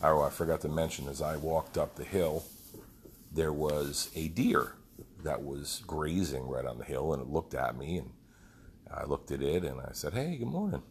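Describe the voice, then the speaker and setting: Very deep gravelly man telling a story. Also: steady tone, normal speed, a little hiss or hum. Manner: rambling, heartfelt, profane storyteller. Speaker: fitness program leader. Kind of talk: casual storytelling monologue.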